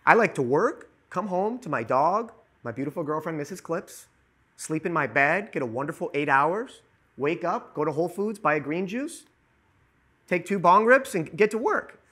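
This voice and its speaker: A man talking as a podcast guest in casual chat, ranting in an animated, profane way. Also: a little high, moderate pace, slightly rough.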